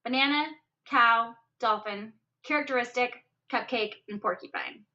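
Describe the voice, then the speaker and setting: A woman's voice: high voice, expressive, bright, forceful tone. Upbeat woman teaching a poetry lesson. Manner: upbeat, stresses words and counts syllables slowly. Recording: dull lo-fi recording.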